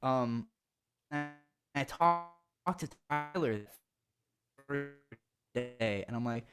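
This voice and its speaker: Young male podcast guest, casual storyteller, animated delivery with laughs and acted-out quotes. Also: mid-range voice, takes it slowly, over loud music.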